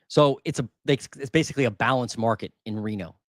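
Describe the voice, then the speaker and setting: A man reads through housing market data on his channel, offering casual live commentary as he thinks aloud and repeats the figures. He speaks fast at a medium pitch, and the recording is dry and studio quality.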